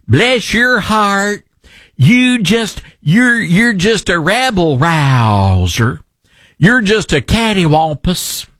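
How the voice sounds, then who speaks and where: A man putting on an exaggerated Southern drawl to play a folksy older male politician who talks in slow homespun sayings. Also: high voice, fairly bright tone, dry recording, clean studio sound, voice pushed up, exaggerated voice. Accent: exaggerated Southern drawl, put on.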